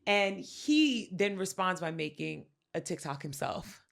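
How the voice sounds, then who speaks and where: A woman co-hosting a podcast, telling pop culture stories in a casual, animated way and acting out the quotes. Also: lowish voice, a little slow, vocal fry. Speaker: podcast co-host. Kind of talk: casual chat.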